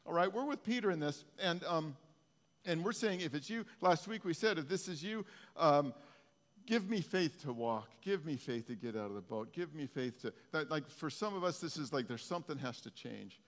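A male pastor giving a conversational sermon, his intensity swinging from soft to loud. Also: a little high, expressive, normal speed, long reverb tail. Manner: conversational preaching, rising and falling in intensity.

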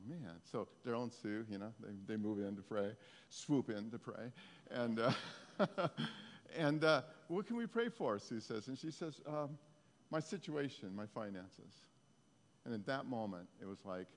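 A man telling a lively testimony story to a congregation, laughing often. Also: mid-range voice, long reverb tail.

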